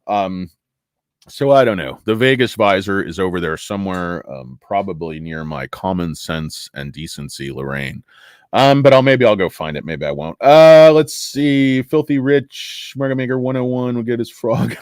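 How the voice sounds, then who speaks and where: Lively, rambling man hosting a livestream. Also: lowish voice, moderate pace, no room sound, studio quality. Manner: rambling, profane, joking. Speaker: stock market livestream host. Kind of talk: casual livestream chat.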